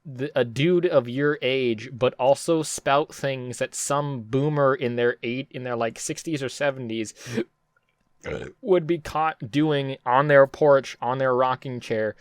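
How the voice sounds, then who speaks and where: A man's voice: medium pitch, unhurried, clear, resonant tone, no echo. A young American man commenting casually as a YouTuber, rambling, profane and incredulous, with lots of fillers. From United States.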